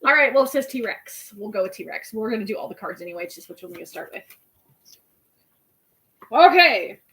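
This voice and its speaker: A woman in her late twenties hosting a casual chat, animated and giggly, playing with silly voices. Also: a little high, brisk, low-quality recording. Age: 20s. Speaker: host.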